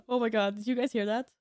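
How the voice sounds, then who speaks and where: A woman's voice: fairly high pitch, a little mellow, no echo, clean studio sound. A woman streaming a game, chatting casually with her viewers while she fixes her audio. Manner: flustered, talks to chat while fixing audio. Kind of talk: casual live-stream chat.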